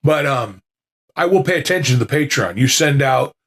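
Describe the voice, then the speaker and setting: A man's voice: mid-range voice, expressive, moderate pace, a bit bright. A man hosting a podcast, chatting casually to listeners in a rambling way, with lots of fillers and restarts, into a podcasting mic with noise reduction. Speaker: podcast host.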